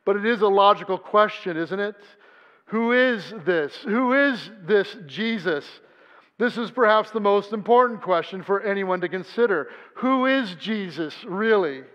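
A man preaching a sermon as pastor, earnest, acting out the voices he quotes. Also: high-pitched. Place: church sanctuary. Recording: dull sound in a reverberant church hall.

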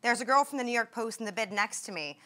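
A woman's voice: a little high, animated, quick pace, pushed and bright. A woman voicing an imagined hospital roommate who talks in an urgent, conspiratorial way.

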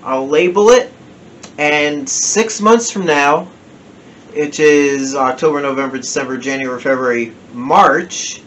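A man with a New Jersey accent talks slowly and loosely, drifting off and correcting himself mid-sentence. It is a relaxed home review, told at an easy, unhurried pace. A faint ambient hum sits behind him. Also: fairly high pitch. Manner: rambling, self-correcting, chatty. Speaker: whiskey reviewer. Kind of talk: casual home review vlog. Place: home den.

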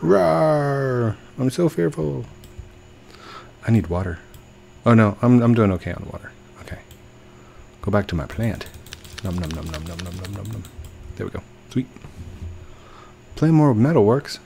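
A young man narrating his gameplay in a playful, animated way, his voice leaping up and down in pitch. He talks at an unhurried pace and chats with the creatures and players around him, with keyboard typing heard behind him. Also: vocal fry, slight background noise. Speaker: gaming video host. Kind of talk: live gameplay commentary.

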